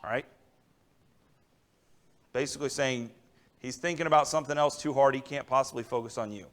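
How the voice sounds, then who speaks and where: Speaking fairly quickly in a bright-ish, medium-pitched voice, a young adult man delivers a sermon in conversational style. He keeps checking in with his listeners, often saying "all right" and "right?"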